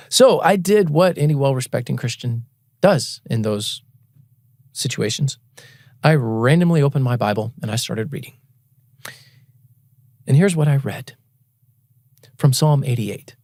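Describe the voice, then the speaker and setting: A man's voice: medium pitch, animated, unhurried, long pauses, a little mellow, no echo, studio quality. A male pastor preaching a sermon, telling a story in an earnest, conversational way and laughing at himself now and then.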